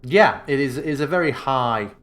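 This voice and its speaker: A man's voice: mid-range voice, lively intonation, normal speed, fairly bright tone. A man running a tabletop game as dungeon master, laid-back and often laughing.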